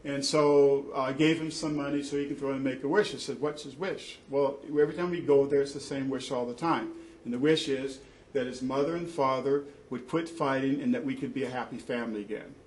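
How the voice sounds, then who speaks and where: A father and church deacon testifies in a custody dispute, impassioned, indignant and emphatic, often restarting his sentences. His mid-range voice is fairly quick, a little mellow, with fairly even intonation, in an echoey room with faint background noise.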